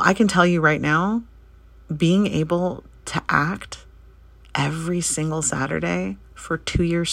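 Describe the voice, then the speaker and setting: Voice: medium pitch, no room sound. A podcast host in their forties from Northern California, giving a candid, conversational motivational monologue with casual swearing and direct advice.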